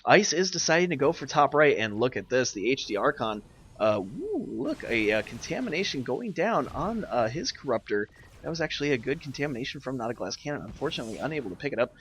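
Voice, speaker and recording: A young man casting a live online strategy game, ranting and exasperated, swinging between loud outbursts and muttered asides. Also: mid-range voice, big pitch swings, quick pace, a little hiss or hum. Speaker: game caster and streamer.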